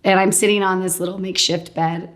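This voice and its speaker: A woman casually telling a personal story as an interview guest, animated and quick to laugh, often saying "like" and "um". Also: lowish voice. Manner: animated, laughs often, acts out what others said; fills speech with "like" and "um". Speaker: guest sharing a healing testimony.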